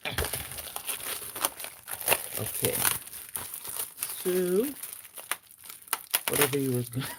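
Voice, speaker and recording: A woman with a Nigerian accent chatting casually on a live stream, excitable, gasping and teasing her viewers playfully. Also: sits low, slight background noise. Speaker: planner vlogger.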